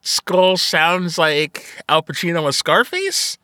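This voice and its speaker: A man's voice: on the high side, big pitch swings, slow, sharp tone, dry recording, clean studio sound. A man co-hosting a podcast, chatting casually about a movie, swearing and laughing as he acts out lines. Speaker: podcast co-host. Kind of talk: casual chat, movie review.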